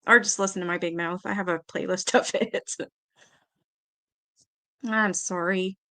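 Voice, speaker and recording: A woman hosting a live-stream panel, chatting casually and reading viewer comments aloud with quick asides. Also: lowish voice. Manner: chatty, animated, quick asides and little laughs.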